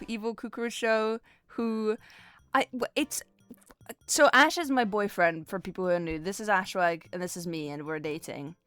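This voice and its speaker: A woman's voice: medium pitch, a bit bright, smooth, no echo. A woman streamer chatting casually with her viewers, rambling and giggly as she drifts into tangents. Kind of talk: casual livestream chat with viewers.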